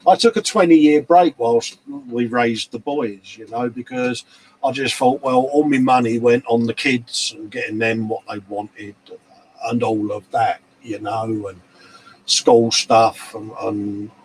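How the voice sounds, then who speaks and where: A man's voice: mid-range voice, steady tone, unhurried, slight background noise. A man, chatting casually and jokily on a live hobby show, laughing often and reading out viewer comments. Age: 40s. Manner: chatty and jokey, laughs often, calls people mate. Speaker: co-host of a live model-building chat show.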